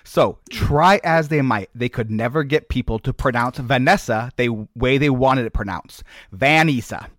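A man's voice: mid-range voice, moderate pace, hardly any pauses, dry recording. A man co-hosting a podcast, telling made-up game lore in a mock-dramatic way and laughing at his own jokes. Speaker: podcast co-host. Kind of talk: comedic lore storytelling.

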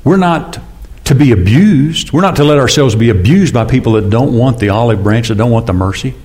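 A man in his sixties preaching a conversational sermon, often asking the congregation questions and acting out quoted speakers in louder, higher bursts. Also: lively intonation, brisk. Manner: chatty, asks the congregation questions, acts out God and James. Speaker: pastor.

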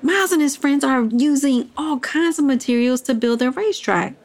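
A woman's voice: high-pitched, expressive, normal speed, voice pushed up. A woman voicing an eager, cheerful young bird in a children's audio story. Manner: eager, upbeat.

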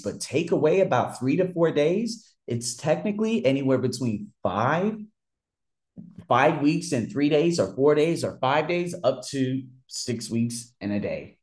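A man in the middle of an angry, profanity-laced rant, telling his story straight to the listener. His voice sits at an average pitch. His sentences break off and restart as his frustration boils over. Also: a little mellow. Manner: heated, profane ranting with frequent restarts. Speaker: vlogger telling a personal story. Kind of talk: casual unscripted monologue.

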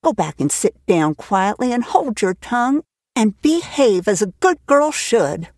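A woman voicing a stern, brisk middle-aged spinster woman who speaks severely. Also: on the high side, very animated, a little mellow, no room sound, studio quality, pitched above the performer's own voice, full character voice.

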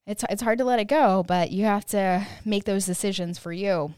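A woman's voice: medium pitch, steady tone, normal speed, darkish tone, smooth, no echo, studio quality. A woman in her thirties hosting a solo podcast, talking in a rambling, candid way, full of "like" and "you know", and swearing freely at times. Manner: swears freely when quoting her younger self. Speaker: podcast host. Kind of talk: casual solo podcast monologue.

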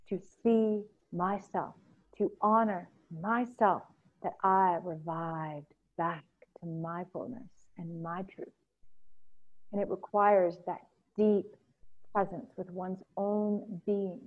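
A woman telling a myth alongside her own story, reflective and slow, pausing often. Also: mid-range voice. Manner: slow, reflective, with pauses and fillers. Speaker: speaker sharing a personal story. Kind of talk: reflective personal storytelling talk. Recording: phone-like narrow sound.

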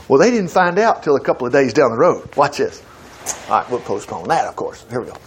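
A preacher with a high voice tells a Bible story to his congregation. His pitch leaps around as he acts out the characters' lines. He repeats words now and then, then carries on. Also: lively intonation, brisk, slight background noise. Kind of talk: sermon reading and explaining scripture.

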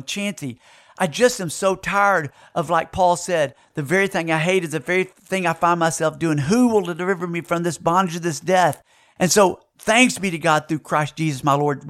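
A man's voice: a little high, fairly bright tone. A middle-aged man, preaching a sermon and telling a story with acted-out sounds and voices. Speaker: pastor.

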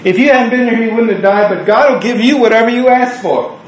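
A man's voice: extremely high pitch, brisk, slight background noise, pitched above the performer's own voice. A man voicing a grieving, pleading woman. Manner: earnest, pained pleading. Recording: echoey room.

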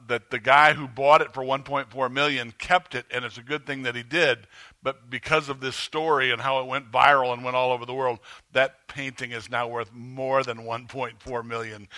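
A man preaching a sermon as pastor, conversational and halting with fillers and restarts, rising when he stirs up the congregation. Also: pushed and bright. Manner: rises in pitch and volume when stirring the congregation. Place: church sanctuary.

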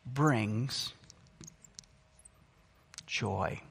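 A man's voice: fairly low pitch, extremely slow, creaky, fairly bright tone, slight background noise. A middle-aged man preaching a sermon as pastor, earnest and emphatic, his delivery rising and falling. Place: church sanctuary. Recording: long hall reverb.

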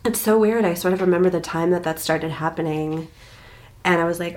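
A woman in her thirties talking in a relaxed, expressive way, telling stories with laughter. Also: on the low side, fairly quick. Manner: animated, expressive storytelling with laughs. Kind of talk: casual chat.

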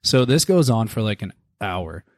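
A man chatting as a guest on a podcast, telling an animated story and acting out the back-and-forth. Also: fairly low pitch, normal speed, dry recording, clean studio sound. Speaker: podcast guest, a host's husband. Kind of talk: casual chat.

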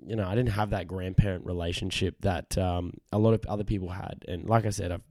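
A young man hosting a casual solo podcast, husky from a cold, earnest and rambling, often repeating words. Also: low-pitched, fairly even intonation, a little fast, a little mellow, no echo, studio quality. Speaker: podcast host. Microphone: studio podcast microphone.

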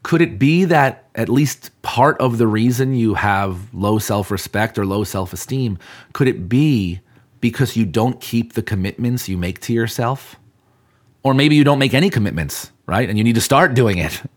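A man's voice: medium pitch, lively intonation, normal speed. A man hosting a podcast, talking earnestly to the listener in a coaching manner about keeping commitments. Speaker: podcast host. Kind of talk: motivational podcast talk.

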